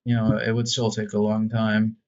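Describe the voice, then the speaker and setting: A man's voice: fairly low pitch, completely flat delivery, normal speed, a little mellow, lo-fi sound. A man giving casual, rambling gameplay commentary, joking and mocking himself as he plays. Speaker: gaming video creator.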